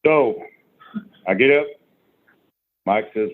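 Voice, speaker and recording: A man tells recovery stories in a blunt, salty, down-home way, acting out the voices of people he quotes. His voice sits low. It comes through a tinny, phone-like video-call line. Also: fairly quick. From Oklahoma. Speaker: recovery workshop speaker. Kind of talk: folksy storytelling recovery talk.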